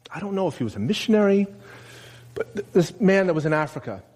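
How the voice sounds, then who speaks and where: A man preaching a sermon in a conversational way, asking his listeners questions and loudly acting out the quotes he reads. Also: high-pitched, sing-song, quick pace. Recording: long reverb of a large room.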